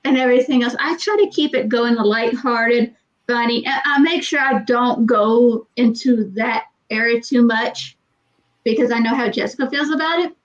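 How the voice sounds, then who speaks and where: A woman's voice: fairly high pitch, moderate pace, highs cut off. Chatty woman rambling through stories. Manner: rambling, animated storytelling with acted quotes. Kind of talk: casual chat.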